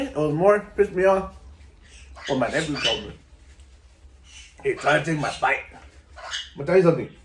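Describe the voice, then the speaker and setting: A man's voice: high voice, echoey room, a little hiss or hum. A middle-aged man, telling stories casually to camera in a laid-back, slangy way. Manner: laid-back, slangy, keeps saying "you know" and "vato". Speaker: vlogger.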